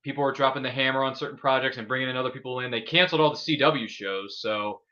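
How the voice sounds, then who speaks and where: A man hosting a casual geeky movie chat. His voice is bright and forceful, and he gushes in excited bursts. The audio sounds dull and lo-fi. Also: mid-range voice. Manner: excitable, gushing, talks fast in bursts. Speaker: podcast host.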